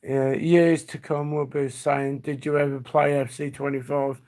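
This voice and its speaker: A man's voice: medium pitch, level tone, a little slow, darkish tone. A man hosting a livestream, reminiscing in a rambling, nostalgic chat that trails off. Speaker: livestream host.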